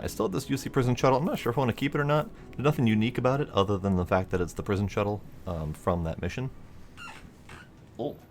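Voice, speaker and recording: Male let's-play host: low voice, loose and playful, thinks out loud. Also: a little hiss or hum. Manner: playful, rambling, thinks aloud with fillers. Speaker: gaming video host. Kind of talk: casual let's-play commentary.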